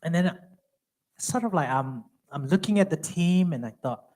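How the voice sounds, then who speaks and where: A man's voice: fairly high pitch, lively intonation, normal speed, darkish tone. A pastor from Myanmar speaking English with a Burmese accent. He leads a Bible study as a chatty storyteller, acting out the dialogue of his own stories.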